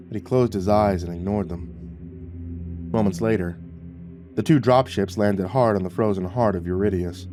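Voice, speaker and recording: A man narrating a scripted sci-fi horror story in a steady, measured way. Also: lowish voice.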